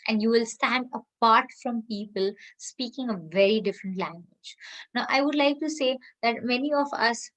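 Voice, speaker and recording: A female college lecturer with an Indian English accent delivers a forceful, opinionated classroom lecture, slowing down to emphasize key terms. Her voice is slightly high and somewhat bright, and the recording quality is rough.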